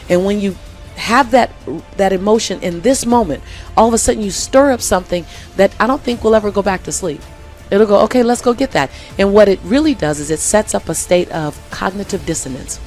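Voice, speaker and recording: A woman's voice: mid-range voice, a little fast, a little mellow, faint music behind. A woman chatting as an interview guest, earnest and fond of repeating her key phrases. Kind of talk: casual conversation.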